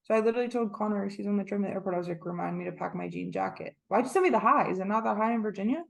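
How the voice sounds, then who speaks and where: Fast-talking young woman with gravelly fry. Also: mid-range voice. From Orlando area. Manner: chatty storytelling, acts out quotes. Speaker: podcast co-host. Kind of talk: casual chat.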